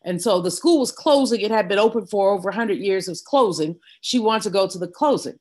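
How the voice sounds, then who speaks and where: An older woman, a guest in an interview, telling a personal story in a vivid, animated way. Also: medium pitch, brisk, slightly rough. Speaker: guest economist.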